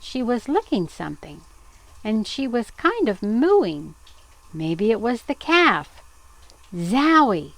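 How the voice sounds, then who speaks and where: A woman's voice: medium pitch, no room sound. Grandmotherly woman reading a story aloud. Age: older. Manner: gentle, expressive reading.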